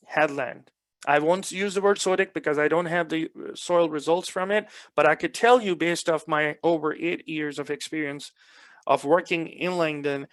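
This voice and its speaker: A man's voice: on the high side, fairly bright tone, dry recording. A man giving an extension lecture, explaining field trial results in an explanatory way, often repeating words for emphasis. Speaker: soil health extension specialist. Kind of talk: presentation lecture.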